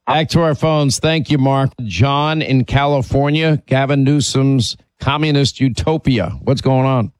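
A man's voice: mid-range voice, a little slow, hardly any pauses, no echo. A man hosting a call-in talk radio show, talking emphatically and opinionatedly, sometimes restarting his sentences.

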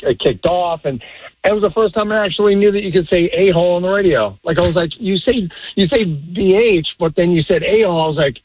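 A male caller with a slightly high, husky voice who rambles and hesitates as he remembers an old bit from the show. He comes through a thin, tinny phone line. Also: no room sound. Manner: hesitant, full of fillers. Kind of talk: casual call-in chat.

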